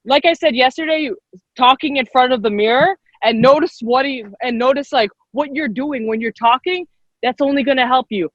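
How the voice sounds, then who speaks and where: Teaching a live online class for girls, this high-voiced young workshop leader stays upbeat and encouraging, repeats herself and laughs readily. Her computer mic on the video call sounds dry and close, dull and muffled, with no echo.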